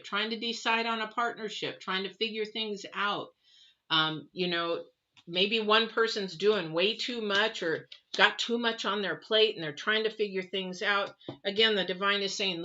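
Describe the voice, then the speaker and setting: A woman's voice: mid-range voice, sharp tone, highs cut off. A woman giving a live tarot reading in a chatty, rambling way, full of fillers and restarts. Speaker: tarot reader.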